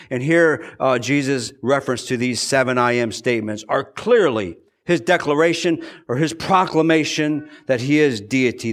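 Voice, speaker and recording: A pastor preaching an earnest sermon, repeating phrases for emphasis and moving between slow, deliberate stretches and quick bursts. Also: male voice, medium pitch.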